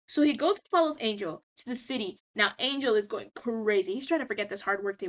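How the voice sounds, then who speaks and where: A tipsy woman casually recapping a story in a scattered, animated way that is full of swearing and restarts. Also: on the high side, quick pace, few pauses. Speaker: video creator.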